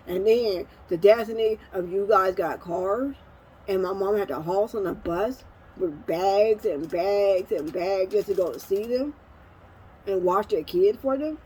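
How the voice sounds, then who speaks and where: A woman's voice: mid-range voice, a little slow, darkish tone, slight background noise, low-quality recording. A woman vlogger talking casually to the camera, rambling through an emotional family story with many fillers and restarts.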